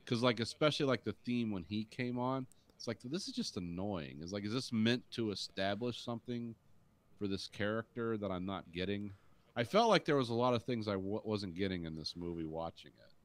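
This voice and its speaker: A man's voice: fairly low pitch, fairly quick. A man co-hosting a podcast, chatting casually about a film and rambling while he searches for names. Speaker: podcast co-host. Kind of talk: casual movie review chat.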